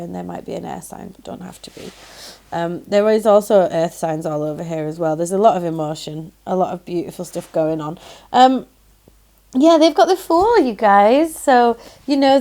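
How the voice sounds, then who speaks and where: Chatty Yorkshire woman with vocal fry. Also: medium pitch, warm tone. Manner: chatty and effusive, frequent "um"s and "lovely". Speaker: tarot reader. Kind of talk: casual pick-a-card tarot reading.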